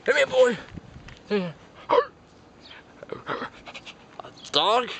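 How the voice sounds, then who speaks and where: A man's voice: very high voice, expressive, extremely slow, vocal fry, fairly bright tone, a little hiss or hum. A man improvising a toy-play story, voicing the characters himself with frequent gasps and exclamations.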